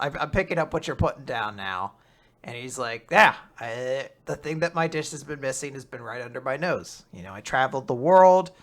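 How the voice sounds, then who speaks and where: A young man casually recapping a manga chapter, acting out the characters in quick voices and laughing often. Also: mid-range voice, a bit bright. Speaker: podcast host recapping manga. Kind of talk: casual chat.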